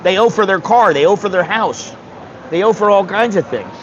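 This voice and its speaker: A man's voice: sits high, expressive, moderate pace, lo-fi sound, slight background noise. A man in his sixties from the United States, rambling bluntly and with some swearing in a casual livestream chat. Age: 60s. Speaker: streamer.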